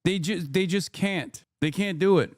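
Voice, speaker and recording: A man's voice: high-pitched, measured pace, no room sound, clean studio sound. Blunt, cursing male streamer. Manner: blunt, profane, indignant. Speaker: streamer commenting on news clips. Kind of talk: casual political commentary.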